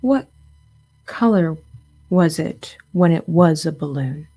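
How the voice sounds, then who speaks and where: A woman voicing a gloomy male donkey who sighs and speaks slowly and mournfully while retelling a storybook. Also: low voice, expressive, mellow, full character voice. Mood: glum, gentle. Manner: slow, sighing and mournful.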